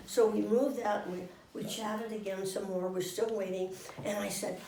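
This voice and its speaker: An older woman getting over a cold, telling anecdotes to a small audience in a lively, animated way and acting out the voices. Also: medium pitch, fairly quick, hardly any pauses, a little hiss or hum. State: finishing a cold. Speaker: guest storyteller. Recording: roomy room, mic far off.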